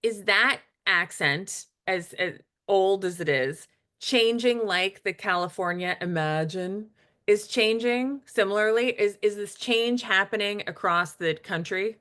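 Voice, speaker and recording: Woman show host, inquisitive, mid-pitched, conversational. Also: pushed and bright. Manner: curious, rapid stacked questions with restarts. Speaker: interview host. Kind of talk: casual interview questions.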